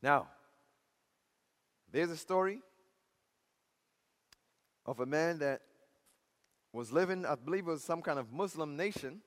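Preacher, man, high voice, fervent sermon delivery, recorded in a reverberant hall. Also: animated, unhurried, long pauses. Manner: impassioned preaching, swinging from loud highs to near-whispers.

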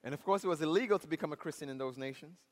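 A man preaching a sermon with passion, swinging from loud cries down to hushed near-whispers. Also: a little high, rapid-fire, long reverb tail.

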